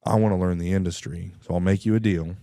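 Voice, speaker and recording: Gravelly low-voiced man telling stories. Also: fast, no room sound, studio quality. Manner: animated, acts out both sides of phone calls. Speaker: radio guest. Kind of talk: storytelling in casual talk.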